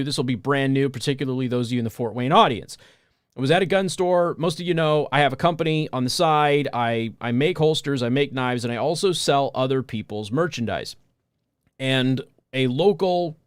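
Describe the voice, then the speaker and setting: An American man hosting a talk radio show, telling stories in an emphatic, animated way. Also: medium pitch, clean tone, no echo, studio quality.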